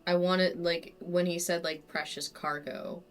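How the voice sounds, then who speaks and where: Female tabletop player, lower voice; chatty, casual. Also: level tone, moderate pace. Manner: chatty, filler-heavy. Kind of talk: casual chat at a game table.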